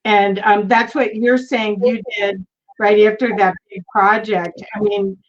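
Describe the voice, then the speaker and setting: A middle-aged woman hosting a casual interview chat, telling stories with animated laughter. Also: mid-range voice, a little slow. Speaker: host. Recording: dull lo-fi sound.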